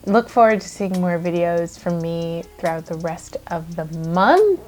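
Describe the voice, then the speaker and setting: A woman's voice: fairly low pitch, fairly even intonation, normal speed, warm tone, slight background noise. A woman YouTuber talking to her viewers in a heartfelt vlog, earnest and reflective, a little emotional, with many casual "like" fillers.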